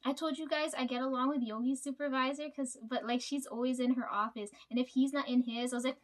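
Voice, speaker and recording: A young woman with a fairly high voice tells a long story casually, as if talking to friends. She rambles and swears freely, and keeps checking in with her listeners. Her delivery is loose and unpolished. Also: fast talker, few pauses. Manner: rambling, profane, fillers like "right?" and "like". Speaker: vlogger.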